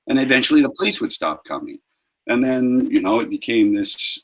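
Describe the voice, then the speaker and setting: A man with a low, husky voice tells stories as a guest in a casual interview. He talks emphatically and acts out the confrontations he describes, speaking each side's lines. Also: sing-song, normal speed, fairly bright tone, poor audio. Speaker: guest street performer.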